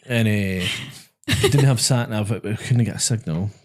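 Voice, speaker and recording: In a small studio, this Scottish podcast host, also a driving instructor, tells stories at a normal pace that crack him up. His voice sits on the low side and is a little mellow, and the talk is casual chat.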